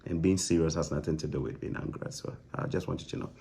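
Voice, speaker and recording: A man's voice: extremely low pitch, fairly even intonation, fast, creaky, warm tone, breathy edge. A man on a live stream, answering viewer comments in a stern, emphatic, lecturing way with lots of repetition. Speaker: online content creator answering viewers.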